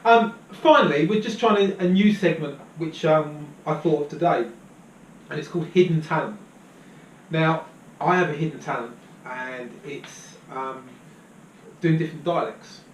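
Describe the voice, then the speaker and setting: A man's voice: on the high side, slight background noise. A middle-aged man from Bristol, co-hosting a live show in a chatty, upbeat way. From Bristol, England. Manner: chatty, upbeat, quick to laugh. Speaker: co-host. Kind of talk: casual live-show chat. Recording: echoey room, distant mic.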